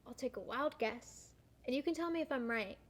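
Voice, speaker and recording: A young actress playing a blunt, teasing younger sister in a student stage play. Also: female voice, sits high, lively intonation, brisk. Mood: needling. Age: young adult. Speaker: actor.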